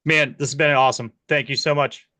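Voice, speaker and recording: A man hosting an interview, telling a lively story from a film set and laughing often as he talks. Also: mid-range voice, a little fast. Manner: animated, laughs often while telling stories. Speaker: podcast host.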